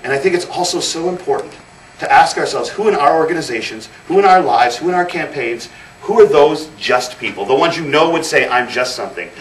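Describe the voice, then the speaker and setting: A man's voice: fairly high pitch, a little fast. A man in his thirties giving a motivational speech as guest speaker, telling stories with emphatic repetition. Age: 30s. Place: event hall. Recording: roomy, distant mic, faint noise.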